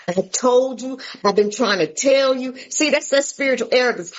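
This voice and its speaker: A woman's voice: sits high, moderate pace, lo-fi sound. A woman from Atlanta sharing her recovery story at a meeting, folksy and emphatic, calling listeners "baby".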